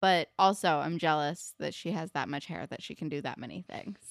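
A woman's voice: low-pitched, brisk, gravelly, no room sound. Chatty young woman recapping a show. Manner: chatty, filler-heavy, acts out quotes. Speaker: podcast co-host. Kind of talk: casual recap chat.

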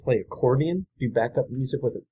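A man's voice: medium pitch, fast talker, husky, phone-quality sound. A man casually telling a wry anecdote about an old improv show. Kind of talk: casual storytelling chat.

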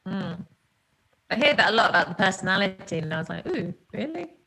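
A woman's voice: on the low side, fast, bright, forceful tone. A woman with an English accent, chatting as a podcast guest in a self-deprecating, talkative way. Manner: chatty and self-deprecating, slips into playful put-on voices. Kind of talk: casual chat.

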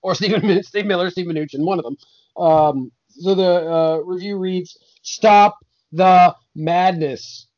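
A man with a fairly high voice makes wry, playful asides and reads listener reviews aloud. The sound is slightly dull and lo-fi. He talks in a relaxed, chatty way. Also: normal speed, no echo. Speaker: podcast co-host. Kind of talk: casual chat reading listener reviews.

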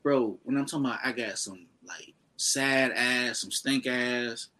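A man's voice: mid-range voice, a little slow, rough recording. A man, a comedian guest, casually telling a story about his start and acting out the people he quotes. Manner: animated storyteller, acts out quotes.

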